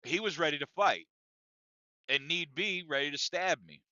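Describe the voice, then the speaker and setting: Bright, brash man telling a story. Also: fairly high pitch, lively intonation, moderate pace, no room sound, highs cut off. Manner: profane, emphatic, repeats himself. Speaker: podcast co-host. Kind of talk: casual storytelling rant.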